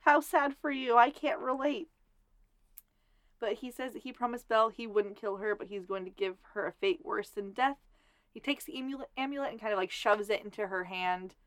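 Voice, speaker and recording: A woman's voice: mid-range voice, smooth, dry recording. Sweary woman recapping a show. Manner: sweary, acts out characters in quick asides. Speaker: podcast co-host. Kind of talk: casual recap chat.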